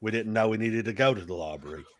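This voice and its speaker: A man voicing a formal, polite older male adventurer who speaks in a stiff, measured way. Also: lowish voice, natural voice. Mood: calming.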